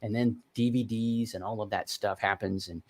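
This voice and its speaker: A man's voice: fairly low pitch, fairly even intonation, normal speed, darkish tone. A man in his fifties hosting a live stream, telling long stories in casual chat with restarts. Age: 50s. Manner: chatty storyteller, rambling with restarts. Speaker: livestream host.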